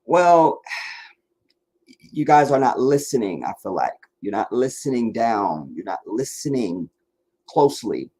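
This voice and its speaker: A man hosting a live stream and answering viewers' comments, talking bluntly and emphatically, dropping to low mutters and rising to insistent points. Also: big pitch swings, unhurried, mellow. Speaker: livestream host answering chat. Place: sitting in front of a camera for a live stream.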